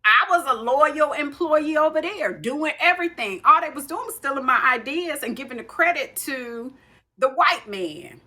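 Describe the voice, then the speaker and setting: A woman's voice: high-pitched, expressive, moderate pace, bright, forceful tone. A woman co-hosting a podcast, telling stories in emphatic casual chat. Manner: emphatic, storytelling. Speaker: podcast co-host.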